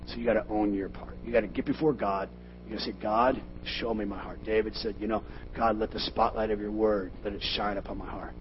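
A middle-aged man preaching a sermon in a low voice, animated and quick to burst out loud when acting out arguments. The recording is dull and lo-fi, with a faint hum underneath. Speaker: pastor.

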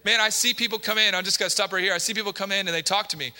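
A man's voice: sits high, steady tone, racing, sharp tone. A male pastor preaching a sermon to his congregation, emphatic and repetitive, often putting direct questions to the listeners. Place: church sanctuary. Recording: long hall reverb in a church.

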